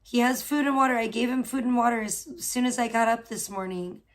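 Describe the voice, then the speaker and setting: A woman chats to her livestream viewers from her home, her voice sitting a touch high. She gossips loosely and swears often, breaking off now and then to scold her cat. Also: fast talker. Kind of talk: casual livestream chat. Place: at home indoors.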